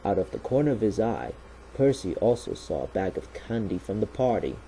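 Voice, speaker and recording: A man narrating a children's story aloud in a steady, plain reading manner. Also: lowish voice, normal speed, creaky, a little hiss or hum, poor audio.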